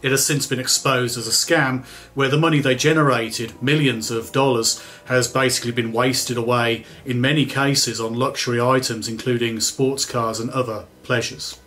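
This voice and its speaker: A man's voice: medium pitch, fairly even intonation, moderate pace, fairly bright tone. A man giving sarcastic, dismissive commentary. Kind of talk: critical commentary.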